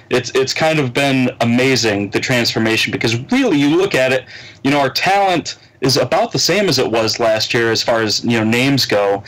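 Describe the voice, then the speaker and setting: Relaxed man breaking down a game. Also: medium pitch, poor audio. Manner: relaxed, conversational analysis. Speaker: guest co-host. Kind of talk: casual sports chat.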